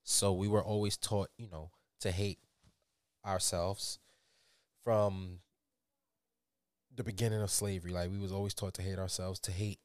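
Man, young, low voice, casual podcast talk, lots of fillers, dry sound. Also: normal speed, long pauses, smooth, no room sound. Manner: animated, swears freely, many fillers. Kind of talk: casual chat.

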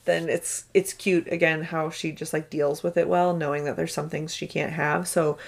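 A woman's voice: low-pitched, little pitch movement, normal speed, gravelly. A young woman co-hosting a podcast, chatting candidly about her child and laughing often. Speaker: podcast co-host. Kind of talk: casual chat about parenting.

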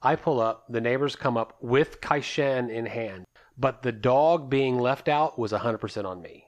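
A man's voice: medium pitch, normal speed. A man co-hosting a podcast who recounts events step by step in casual, matter-of-fact chat. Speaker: podcast co-host.

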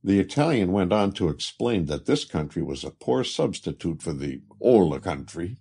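A man narrating a literary travel story in a measured way. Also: sits low, animated, vocal fry, warm tone, breathy edge.

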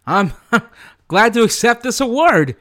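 A man's voice: very high-pitched, sing-song, slow, sharp tone, voice pushed up, heavily acted. A man doing an impression of a young British actor, putting on a British accent, giggling and flustered. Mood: smug. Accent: put-on British.

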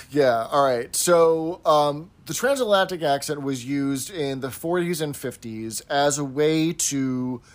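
Male podcast co-host, chatty and explanatory, mid-pitch. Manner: explanatory, quotes lines from the show. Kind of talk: casual chat about an old TV show.

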